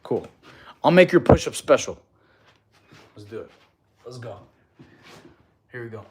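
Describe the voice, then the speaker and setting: A man coaching fitness on a casual live stream, relaxed and laughing often as he reads chat questions aloud. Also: mid-range voice, a little slow, long pauses, heavy background noise.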